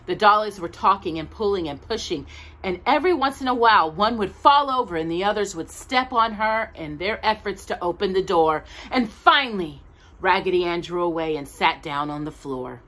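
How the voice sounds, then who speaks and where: An animated woman reading a children's storybook aloud. Her voice is bright and forward, with a lively, swooping melody that keeps young listeners engaged. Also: medium pitch, normal speed. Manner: animated, expressive.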